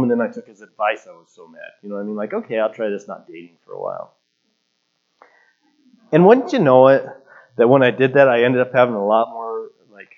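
A man's voice: medium pitch, a little mellow. A man in his thirties preaching a sermon as a pastor, talking conversationally and telling stories with casual fillers. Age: 30s. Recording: dull lo-fi recording.

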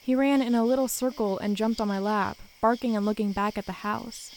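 Woman calmly narrating a horror story. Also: a little high, brisk, hardly any pauses, a little hiss or hum, rough recording. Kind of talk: first-person scripted horror story narration.

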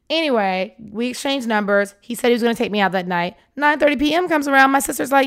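A woman telling a dating story in a casual, animated way, swearing freely and acting out both sides of the talk. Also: a little high, a little fast, clear, resonant tone. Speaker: podcast storyteller.

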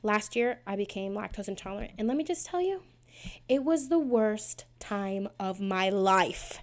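This host, a woman in her twenties, rambles through casual prayer podcast talk, making fun of herself and using many fillers. She sounds a little high and darkish in tone, and she moves briskly.

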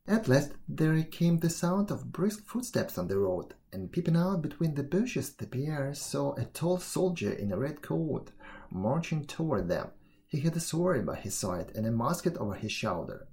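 A male storyteller reading a fairy tale aloud at a measured pace. His voice has a gravelly texture, and his pitch moves up and down expressively. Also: very animated, warm tone, slight background noise. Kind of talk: storybook narration.

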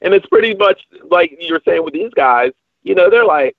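A male podcast co-host chats casually and rambles, with plenty of fillers and restarts. His voice sits high and sounds gravelly, with lively intonation at a moderate pace, over a tinny, phone-like, dry line with no room sound.

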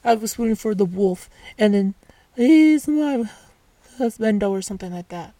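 A woman telling a casual storytime rant, animated, swearing, full of restarts and asides. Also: medium pitch, a little slow, no echo.

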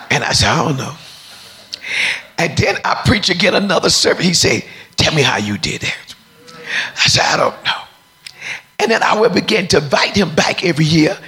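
Deep-voiced gravelly woman preacher. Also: fairly bright tone. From United States. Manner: storytelling, acts out dialogue. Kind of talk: preaching testimony.

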